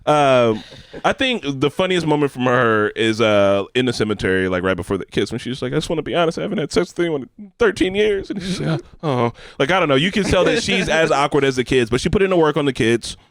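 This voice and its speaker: A man co-hosting a podcast in casual chat, animated and acting out quotes with big voice swings. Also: medium pitch, fast, dry recording, studio quality. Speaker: podcast co-host.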